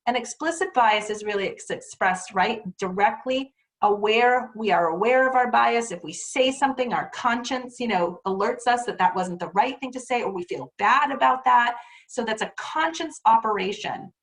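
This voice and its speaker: A woman's voice: a little high, moderate pace, hardly any pauses. Earnest woman leading teacher training. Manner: earnest, animated, acts out quoted dialogue; encouraging, with frequent rhetorical questions. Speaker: workshop presenter.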